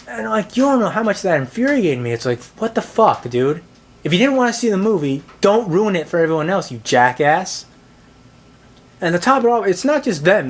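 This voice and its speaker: A man tells a camera how a movie night went wrong, swearing often and sounding thoroughly exasperated. His delivery rambles, stumbling through restarts and filler words as he complains. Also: a little high. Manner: halting, full of restarts and "like". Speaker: movie reviewer. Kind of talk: ranting movie-theater story.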